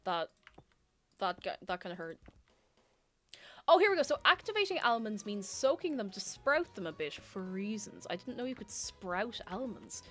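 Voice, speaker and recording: A woman's voice: mid-range voice, sing-song, moderate pace, a bit bright, faint music behind. Rambling, giggly woman livestreamer. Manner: rambling, giggly and self-mocking. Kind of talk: casual chat reading viewer messages.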